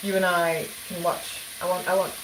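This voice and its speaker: A woman chats loosely on a live stream, rambling and apologizing as she loses her thread. Her voice sits a little low. Clear sounds of food sizzling in a home kitchen run behind her. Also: level tone, normal speed. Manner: rambling, apologetic, self-interrupting. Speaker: livestream host. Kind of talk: casual live chat. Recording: clear cooking noise behind.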